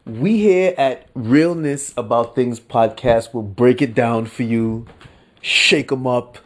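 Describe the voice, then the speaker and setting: Expressive and exasperated, a man delivers casual commentary on his solo podcast in a slow, slangy drawl. Every so often he breaks off into sudden high-pitched outbursts mocking his listeners.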